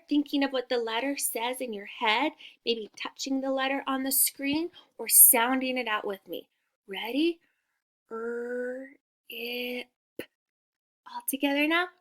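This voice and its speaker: A woman teacher giving a slow phonics lesson for young children, sounding out letters with exaggerated care and praising the listener. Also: high voice.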